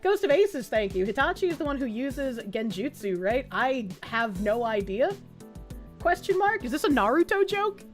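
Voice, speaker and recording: A young woman streamer chats casually and crudely with her chat, reading donations and laughing often as her voice jumps up loud and high. She's sing-song at a moderate pace, with faint music behind her.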